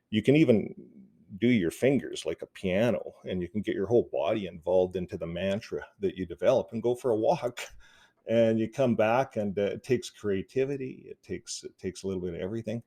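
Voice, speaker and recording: A man with a low, gravelly voice talks casually to his viewers in a vlog. His tone is dark and mellow, and his delivery is relaxed and rambling, broken up by frequent chuckles. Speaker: YouTube activist vlogger.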